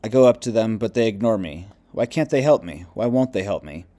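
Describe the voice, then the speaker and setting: Voiced by a male audiobook narrator, this lonely male ghost sounds lost, bitter, depressed and confused. His voice is low, quiet, mellow and darkish, near an ordinary speaking voice, brisk with lively intonation, yet the delivery stays plain and subdued.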